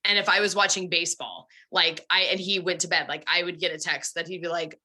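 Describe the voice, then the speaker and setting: A young woman with a lower-than-average pitch and a bright, forceful tone tells animated, chatty stories. She speaks in a casual podcast conversation. Her delivery is lively and full of asides. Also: brisk, few pauses.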